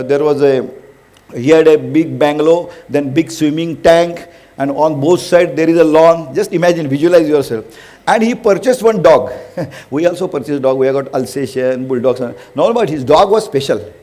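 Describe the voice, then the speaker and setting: A man's voice: on the high side, mellow. A man with an Indian accent giving an informal motivational lecture on stress, chatty and anecdotal, chuckling often.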